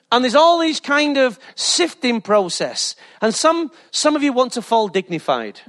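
A man, a pastor preaching a lively sermon full of funny anecdotes and laughter. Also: high-pitched, normal speed. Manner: jokey, animated storytelling with laughter.

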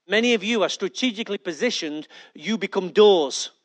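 A male pastor, preaching a sermon with lively rhetorical questions and jokey asides to his church. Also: high voice, moderate pace.

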